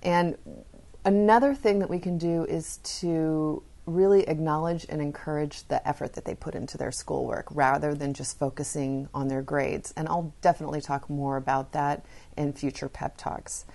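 A middle-aged woman hosting a parenting podcast, talking earnestly and getting animated as she retells stories. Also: low-pitched, moderate pace, vocal fry. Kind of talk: casual solo podcast talk.

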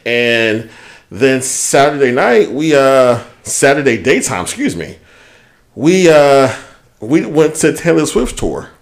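A man co-hosting a podcast, telling a story in casual chat, animated and swearing freely as he goes. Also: mid-range voice, slow pace, creaky. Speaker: podcast co-host.

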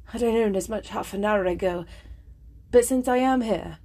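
Impassioned young gentleman suitor, read by a woman, urgent and pleading, husky, storybook reading. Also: mid-range voice, normal speed, lightly acted. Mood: forced cheer.

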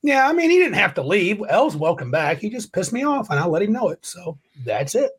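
A man's voice: sits high, big pitch swings, brisk, slightly rough. A man hosting a casual tabletop game podcast over a video call, rambling and correcting himself as he reads rules aloud. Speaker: podcast host.

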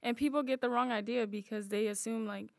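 Young woman, easygoing podcast co-host, clear voice, dry close sound. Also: fairly high pitch, steady tone, fairly quick, dry recording. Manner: easygoing, thoughtful, many "um" and "like" fillers. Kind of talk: casual chat.

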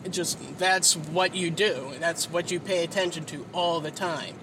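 A man with a fairly high voice and fairly even intonation talks at normal speed as he drives, tired and sleepy. He rambles casually, swearing often and using many fillers, with the car's road and engine noise all around.

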